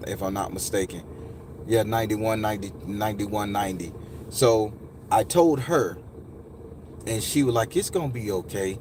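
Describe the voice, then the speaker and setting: A man's voice: fairly low pitch, darkish tone, a little hiss or hum. A man telling a personal story to his viewers, candid and profane, addressing them directly. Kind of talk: emotional first-person storytelling.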